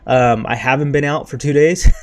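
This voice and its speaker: A man's voice: mid-range voice, normal speed. A young man hosting a casual crypto livestream from his bedroom, hyped and rambling, wired on caffeine and a bit out of breath, with lots of "dude" and "bro". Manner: hyped, rambling, says freaking and dude a lot.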